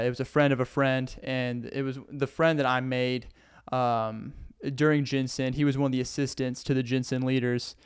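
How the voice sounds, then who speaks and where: This is a young man with a smooth, resonant voice of middling pitch, hosting a casual podcast by himself. He rambles along in an upbeat, chatty way. The recording is dry and close, with no room sound. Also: dry recording. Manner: rambling, upbeat, self-promoting. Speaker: podcast host and comedian. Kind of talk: casual solo podcast chat. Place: a friend's house, indoors.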